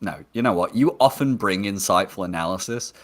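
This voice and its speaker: A man's voice: low voice, expressive, a little fast. An English man with a non-standard accent, hosting a casual live stream in a joking, self-mocking, rambling way. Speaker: host.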